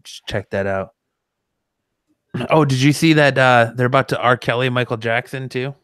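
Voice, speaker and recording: A man's voice: medium pitch, moderate pace, fairly bright tone, no room sound, clean studio sound. A man hosting a casual podcast chat, loose and rambling, often restarting his sentences. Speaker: podcast host.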